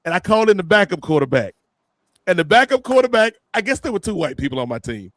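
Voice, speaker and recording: Podcast host, man, slightly high voice, dry sound, lively comic storyteller. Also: quick pace, dry recording. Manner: animated, joking, addresses co-hosts by name. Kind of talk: casual comedic storytelling.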